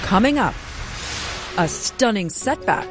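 A woman correspondent reading a scripted true-crime narration in a measured, dramatic way. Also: mid-range voice, lively intonation. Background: music bed.

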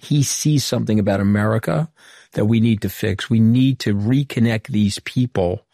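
A man's voice: fairly low pitch, normal speed, vocal fry, warm tone, no room sound, clean studio sound. A middle-aged man from Long Island, giving an interview guest's candid, anecdotal account and acting out past conversations. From Long Island, New York. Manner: candid, anecdotal, recounts dialogue. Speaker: interview guest, former White House communications director. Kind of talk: interview storytelling.

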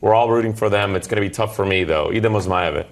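A man's voice: fairly low pitch, fast talker. A man from Bosnia chatting as a panel guest, upbeat and laughing easily. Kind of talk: casual panel chat.

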